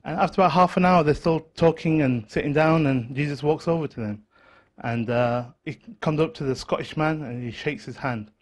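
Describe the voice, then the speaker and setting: A man's voice: fairly high pitch, brisk. A man telling a long joke to a group, rambling, losing track and correcting himself.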